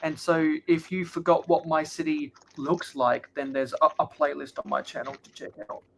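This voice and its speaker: A man's voice: fairly high pitch, steady tone, moderate pace, vocal fry, slight background noise. A young man hosting a livestream, answering chat questions in a casual, chatty way. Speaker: livestream host.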